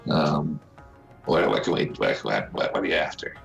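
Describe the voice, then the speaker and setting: A man's voice: extremely low pitch, animated, normal speed, gravelly, fairly bright tone, faint music behind, voice pushed down, heavily acted. Man doing a brusque rude merchant. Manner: brusque, stammering. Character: rude bigoted male weapon merchant.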